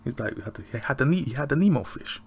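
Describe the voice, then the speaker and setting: A man giving a casual, rambling recap of a TV episode, excitable and often laughing. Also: mid-range voice, rapid-fire, gravelly, breathy edge. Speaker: TV show reviewer.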